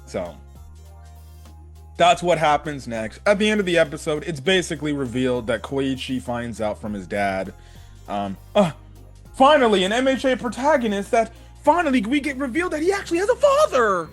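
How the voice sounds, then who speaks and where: A man's voice: high-pitched, normal speed, faint music behind. A man hosting a casual anime review, talking animatedly and swearing freely. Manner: animated, acts out quotes, swears. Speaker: host.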